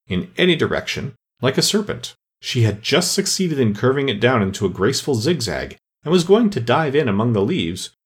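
A man narrating a children's storybook with expressive delivery. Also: lowish voice, husky. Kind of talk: storybook reading.

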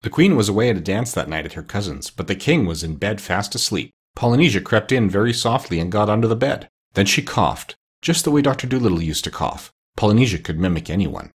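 A male narrator reading a children's book aloud at an even, steady pace. His voice sits low and has a husky grain. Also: a little fast, few pauses. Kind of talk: audiobook reading of a children's novel.

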